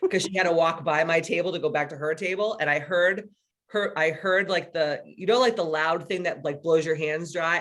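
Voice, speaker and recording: Brief: woman in her thirties hosting a video call, crude, laughing storyteller. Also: on the low side. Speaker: workshop host. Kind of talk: casual chat.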